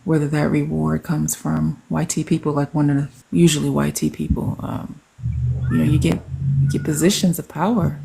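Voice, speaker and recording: Gravelly, husky, flat-voiced livestream guest. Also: mid-range voice, rough recording. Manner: measured and deliberate, with frequent ums. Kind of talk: casual discussion.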